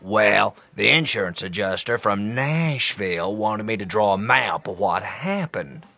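A man voicing a brassy, loud-mouthed small-town waitress with a gravelly, smoky, coarse voice and a rambling, gossipy way of telling a story. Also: on the low side, expressive, unhurried, pitched below the performer's own voice, exaggerated voice. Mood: sassy. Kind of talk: comic storytelling performance.

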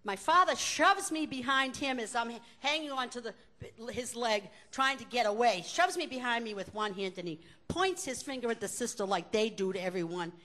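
An older woman telling personal stories to a live audience in an animated, conversational way with wry asides. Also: on the high side, normal speed, few pauses. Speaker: storyteller.

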